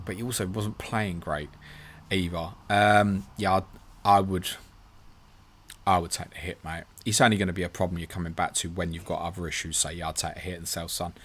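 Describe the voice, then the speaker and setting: A chatty man hosts a live question-and-answer stream, reading viewer messages aloud and replying in a loose, friendly way. His voice sits a little low, and he keeps calling people "mate". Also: a little fast, a bit bright, breathy edge. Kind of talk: casual live Q&A.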